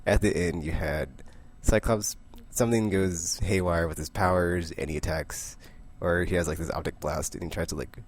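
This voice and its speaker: A young man chatting casually about the comics he picked up this week, rambling with asides and short laughs and acting out the characters in quick voices. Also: deep voice, steady tone, slightly rough. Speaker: comic book vlogger. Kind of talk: casual comic book review.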